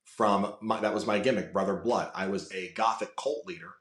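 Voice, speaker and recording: A podcast guest from Florida, USA, this man has a fairly low, slightly bright voice and speaks at normal speed. He tells long personal stories in a casual, rambling way full of fillers and restarts, with roomy echo on the recording.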